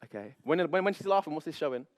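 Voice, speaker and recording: A man, a public speaking coach, leading a live seminar on stage with high energy, playful banter and frequent laughs. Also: animated, racing. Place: event stage before an audience.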